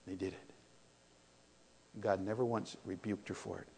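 An older man preaching a sermon, telling stories that swing from loud, excited retellings to quiet reflection. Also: normal speed, gravelly, long pauses, breathy edge. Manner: storytelling, rises loud and high in excitement, drops to soft and low when reflective.

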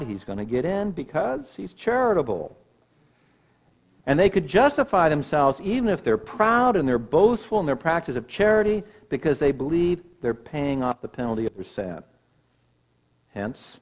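Man, pastor, sermon, emphatic teaching voice, mid pitch. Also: darkish tone, breathy edge, low-quality recording.

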